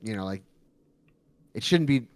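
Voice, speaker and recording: A man's voice: lowish voice, a little slow, no room sound. A man co-hosting a podcast, chatting casually and swearing freely. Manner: animated, swearing, mimics voices in quotes. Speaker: podcast co-host. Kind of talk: casual chat.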